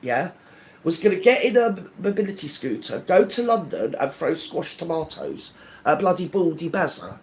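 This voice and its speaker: A man's voice: a little high, big pitch swings, normal speed. A man hosting a live stream, ranting in a rambling, indignant, gossipy way with many restarts.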